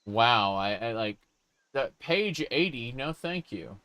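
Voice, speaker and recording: In casual live gameplay commentary, a streamer reads chat out loud and jokes in character while he plays. His mid-range voice is bright and forceful with lively intonation, delivered at a slow pace, clean and free of echo.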